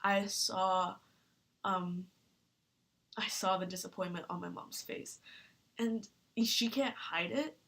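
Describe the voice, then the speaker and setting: A young woman talking earnestly in a personal vlog, halting with fillers and close to tears. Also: on the low side, gravelly, a bit bright. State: tearful. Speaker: vlogger.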